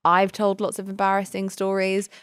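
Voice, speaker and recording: A woman's voice: moderate pace, clean tone, no echo. A woman, a podcast guest telling funny stories in casual chat. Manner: animated storyteller, breaks into high laughs.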